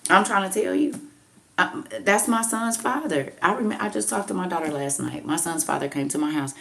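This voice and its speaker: A woman's voice: lowish voice, normal speed, creaky, fairly bright tone, slight background noise. A woman in her fifties hosting a casual livestream, reading out comments and preaching firm advice with emphatic repetition. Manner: emphatic, preachy, repeats "I'm trying to tell you".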